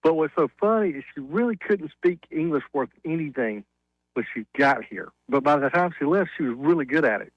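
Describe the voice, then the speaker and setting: A man with a Southern accent calls in to a radio show, chatty and folksy, laughing at his own jokes. His voice sits a little high. The sound is dry and close. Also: lively intonation, a little fast, no room sound, lo-fi sound. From Alabama. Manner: folksy, chatty storyteller who laughs at himself. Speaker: caller, flooring business owner. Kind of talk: casual radio call-in chat.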